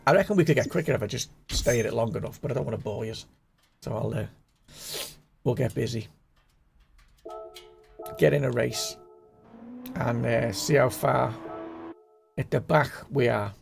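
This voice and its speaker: A man's voice: medium pitch, measured pace, creaky, pauses often, a little mellow, soft background music. A man hosting a casual live gaming stream, chatting and rambling with his viewers in a bantering way. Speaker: gaming livestream host.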